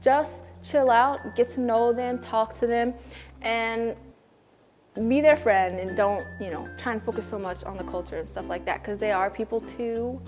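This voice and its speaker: Young American woman, casual vlogger, higher voice, slangy chat, faint music underneath. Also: fairly even intonation, moderate pace, darkish tone. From United States. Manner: chatty and slangy, acts out quoted people mockingly. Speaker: vlogger living in Korea. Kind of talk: casual vlog talk to camera.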